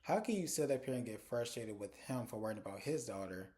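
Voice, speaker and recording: A man with a mid-range voice reviews a TV episode in an animated, frank way, talking straight to his viewers. When he quotes the characters, his pitch jumps up to mimic the women. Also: fast. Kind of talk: casual episode recap.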